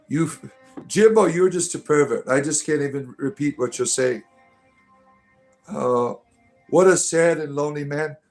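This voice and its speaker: Sarcastic man hosting a livestream. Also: on the high side. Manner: sarcastic, mock-preachy, trails off with filler words. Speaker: livestream host reading chat. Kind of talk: casual livestream chat.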